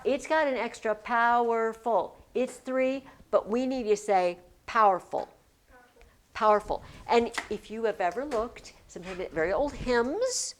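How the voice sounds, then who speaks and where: Slow-paced woman teaching poetry. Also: on the high side. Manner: animated, reads verse aloud, chants rhythm syllables. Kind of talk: classroom poetry lesson.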